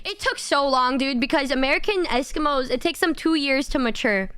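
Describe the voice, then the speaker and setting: A young woman streamer chatting casually with her viewers, animated and swearing, often breaking into laughs. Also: high voice, a little fast, dry recording.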